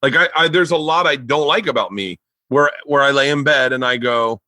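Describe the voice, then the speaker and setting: A man, hosting a casual podcast chat and telling stories with loud, high outbursts when he quotes himself. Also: moderate pace, dry recording. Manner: animated storyteller who jumps to loud high outbursts when quoting himself. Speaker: podcast host.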